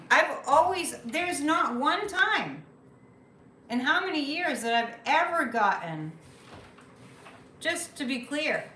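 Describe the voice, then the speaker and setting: A woman's voice: high-pitched, bright, forceful tone, echoey room, slight background noise, rough recording. A woman hosting a psychic livestream, chatting casually, reading viewer comments and repeating phrases for emphasis.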